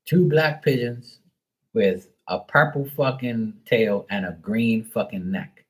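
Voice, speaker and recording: A man chatting casually on a tarot livestream, telling stories in a profane, animated way. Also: medium pitch, slow, rough recording. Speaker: tarot reader.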